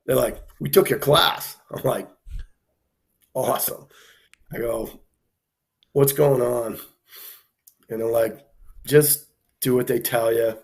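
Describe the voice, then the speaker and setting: A man casually telling an anecdote on a live stream, animated, acting out the people he quotes, with plenty of fillers. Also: mid-range voice, slow, vocal fry, pauses often.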